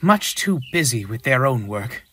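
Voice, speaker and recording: A man's voice: mid-range voice, big pitch swings, a little slow, pushed and bright, slight background noise. A man voicing a weary, dependable older male engine in a storybook reading, with a stoic manner.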